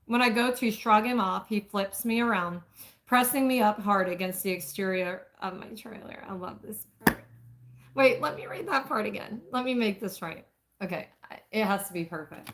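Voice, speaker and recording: Woman streamer reading a romance book out loud, dramatic, stops to fix tricky words. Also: mid-range voice, moderate pace. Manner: dramatic reading with asides about stumbles.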